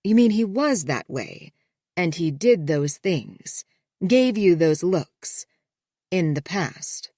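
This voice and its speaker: A gentle, probing mother, as a woman narrator puts her on, drawing out each pointed question slowly. Dry, close audiobook recording. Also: lowish voice, animated, no echo.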